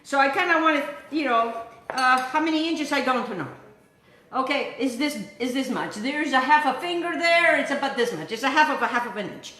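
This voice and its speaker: A woman's voice: high-pitched, animated, a little fast, bright, forceful tone, echoey room. An Italian-accented woman hosting a home cooking show, chatty and playful, talking to viewers as she cooks. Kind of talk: casual cooking demonstration. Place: home kitchen.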